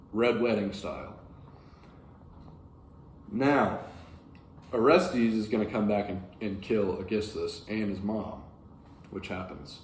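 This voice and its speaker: A man with a low voice rambles through a casual, animated breakdown of an ancient epic. He stumbles and fills gaps with ums, recorded in a roomy space with faint ambience behind him. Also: slight background noise. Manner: rambling, animated, frequent fillers. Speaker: book channel host. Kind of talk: casual classics commentary to camera.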